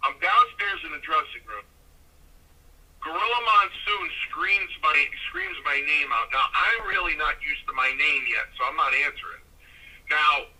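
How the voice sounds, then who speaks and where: Middle-aged male guest, lively storyteller, slightly high voice. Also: breathy edge, low-quality recording. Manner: animated storyteller doing voices of others. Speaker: podcast guest, former wrestler. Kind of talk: casual storytelling.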